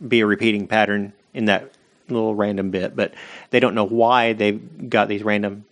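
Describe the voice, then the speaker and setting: A man's voice: lowish voice, level tone, normal speed. A man co-hosting a casual podcast, bantering with dry, teasing humor. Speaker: podcast co-host.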